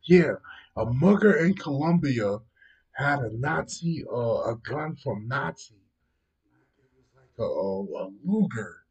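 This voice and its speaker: A man's voice: mid-range voice, darkish tone, highs cut off. A man hosting a casual show, reacting to news stories with dismissive, profane rambling full of fillers. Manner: dismissive, heavy swearing, rambling fillers like "yo" and "know what I mean". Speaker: host commenting on news stories. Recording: voice distant from the mic.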